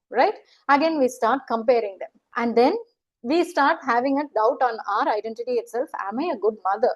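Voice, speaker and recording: A woman's voice: on the high side, brisk, rough recording. A middle-aged woman, giving an earnest, questioning motivational talk as a life coach. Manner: acts out quoted voices.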